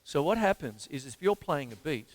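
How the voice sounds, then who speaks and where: A man's voice: on the high side, very animated, moderate pace, soft background music. A man with an Australian accent, hosting a casual drum lesson, chatting with fillers and counting beats aloud in rhythm. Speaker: drum teacher and show host. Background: drum kit playing.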